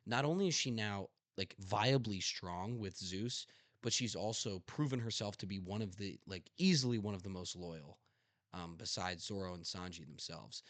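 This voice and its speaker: Passionate young man hosting, low dry voice. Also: normal speed, fairly bright tone, no echo. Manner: emphatic, passionate storyteller who swears freely. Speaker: podcast host. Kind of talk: casual chat.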